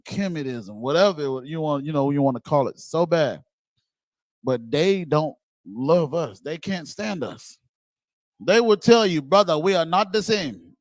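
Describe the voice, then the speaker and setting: Man, blunt casual preacher, high voice, dry close sound. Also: dry recording. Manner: animated, blunt, swears casually, laughs and shouts at times. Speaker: speaker on a religious group's show.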